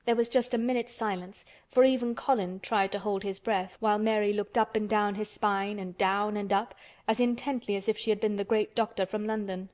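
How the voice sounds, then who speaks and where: A woman narrating an audiobook in a steady, measured way. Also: medium pitch. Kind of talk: scripted narration.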